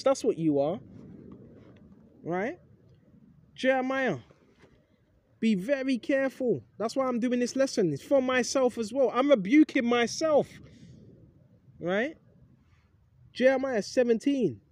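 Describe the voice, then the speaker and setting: A man's voice: very high voice, a little mellow, no room sound. A man giving an informal, rambling Bible lesson, emphatic and swearing casually, forever asking "right?". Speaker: preacher.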